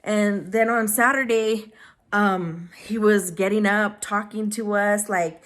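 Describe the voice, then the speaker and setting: A beauty vlogger tells a personal story to the camera, speaking softly and haltingly as she searches for words. Her voice is medium-pitched and steady in tone, though she is grieving and holding back tears.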